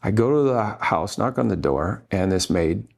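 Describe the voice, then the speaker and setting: A man's voice: sits low, lively intonation, moderate pace, gravelly, a little mellow. A man being interviewed as a guest actor, telling earnest, rambling stories full of restarts. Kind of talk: anecdotal interview storytelling.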